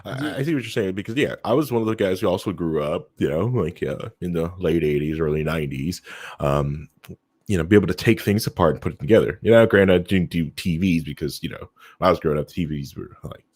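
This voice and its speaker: Male podcast co-host in his thirties, low voice, digressive and filler-heavy, dry sound. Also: fast, darkish tone, slightly rough, no room sound. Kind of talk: casual podcast discussion.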